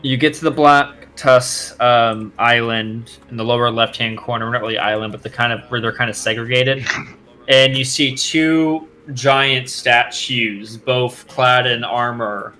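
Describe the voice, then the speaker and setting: A man with a bright, forward voice runs a tabletop game as game master. He describes the scene in a loose, rambling way, often stopping to correct himself and start a sentence over. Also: medium pitch, steady tone, unhurried.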